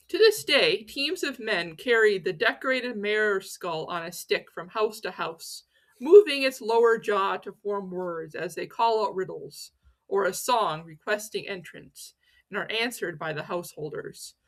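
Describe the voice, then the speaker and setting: A woman's voice: mid-range voice, expressive, a little slow. A woman hosting a folklore channel, telling its stories in a playful, theatrical way with self-mocking asides. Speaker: host of a pagan folklore channel. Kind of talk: playful educational storytelling.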